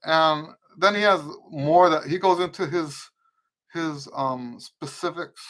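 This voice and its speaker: A man's voice: on the high side, slow pace, a bit bright. A middle-aged man with a mixed American accent rooted in Western Pennsylvania, a trumpet teacher hosting a casual live Q&A and often restarting and rewording his sentences. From eastern United States. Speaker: trumpet teacher and show host.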